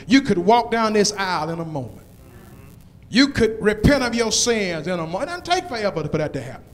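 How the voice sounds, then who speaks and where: Preacher in a church sermon, rising to shouts. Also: male voice, high voice, sing-song, brisk. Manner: call-and-response preaching, rising to shouted climaxes. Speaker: pastor. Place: church sanctuary. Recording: long church reverb.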